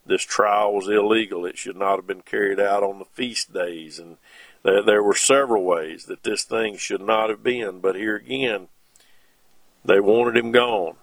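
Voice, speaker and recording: A middle-aged man, preaching a sermon in a slow, folksy way with homespun asides between scripture readings. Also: fairly low pitch, steady tone, dry recording.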